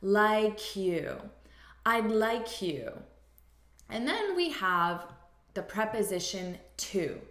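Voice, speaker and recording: A woman with an American accent teaching an English lesson, speaking clearly and repeating phrases for learners. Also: mid-range voice, sing-song, drawn-out words, fairly bright tone. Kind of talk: language lesson. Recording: echoey room.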